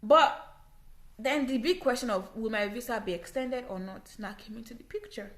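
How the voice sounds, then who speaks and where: A young woman with a Nigerian English accent and a bright, forceful voice tells her own story straight to camera. She is earnest and emphatic and repeats phrases to drive points home. The sound bounces around a small echoey room. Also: a little high, moderate pace. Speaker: vlogger.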